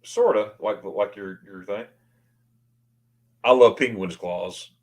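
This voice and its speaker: Speaking slowly in a fairly low voice, an American livestream host greets his audience by name and works through their comments. He gets excited and keeps stammering, restarting words as he goes.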